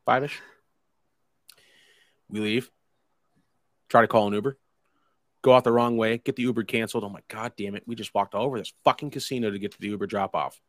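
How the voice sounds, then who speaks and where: A man's voice: fairly low pitch, dry recording, studio quality. A man casually telling a long, rambling anecdote, swearing freely and wry about it. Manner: profane, rambling, wry storytelling with quoted dialogue.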